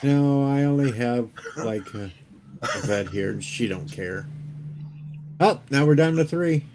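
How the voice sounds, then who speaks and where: A man's voice: mid-range voice, animated, unhurried, a little mellow, slight background noise. A man in casual late-night stream chat, making dry joking asides.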